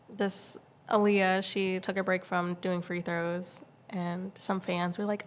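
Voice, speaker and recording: A woman's voice: on the low side, takes it slowly, hardly any pauses. A woman in her thirties, co-hosting a podcast, telling a story in casual chat and acting out what other people said. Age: 30s. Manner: excitable storyteller who acts out other people's lines. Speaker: podcast co-host.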